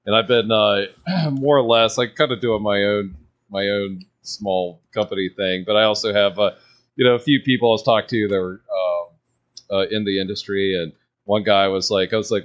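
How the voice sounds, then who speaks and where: A podcast guest with a lowish, steady voice rambles briskly through a casual rant, full of fillers and restarts, chuckling at his own side comments. The audio has its highs cut off.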